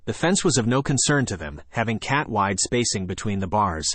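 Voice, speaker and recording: Low-voiced man reading a story. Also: big pitch swings, moderate pace, a bit bright, no room sound. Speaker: audiobook narrator. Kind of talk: scripted narration.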